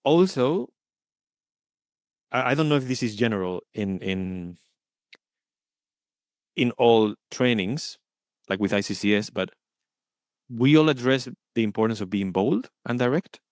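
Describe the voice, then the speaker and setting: A man speaking as the guest in an interview, earnest and thoughtful, often pausing to search for his words. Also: medium pitch, lively intonation, darkish tone, no room sound, clean studio sound. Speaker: guest coaching supervisor. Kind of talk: reflective interview talk.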